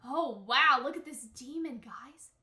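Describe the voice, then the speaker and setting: A young woman YouTuber with a high-sitting voice speaks at a measured pace in a roomy-sounding space. Watching an anime episode, she shrieks and gasps loudly at the screen, then rambles casually to camera with plenty of "like."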